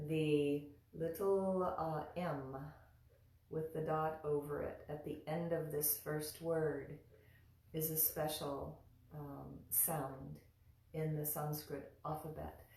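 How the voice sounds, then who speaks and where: A patient woman leads a mantra pronunciation lesson, speaking very slowly in a lowish voice. She demonstrates each sound and chants along. The recording is roomy, with her a little away from the mic. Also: little pitch movement, mellow. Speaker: mantra teacher. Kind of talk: slow guided pronunciation lesson. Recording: roomy echo, from a distance.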